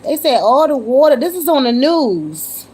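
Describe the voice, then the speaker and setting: A woman with a high, warm, sing-song voice talks at normal speed while casually livestreaming from her phone. She chats with viewers, calls them y'all, and tends toward disbelieving exclamations.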